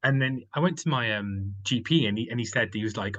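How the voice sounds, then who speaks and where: A man's voice: fairly low pitch, fast, few pauses, fairly bright tone, muffled recording. A man from the United Kingdom, a company founder who is a guest, telling his story in casual conversation, rambling with many fillers and restarts.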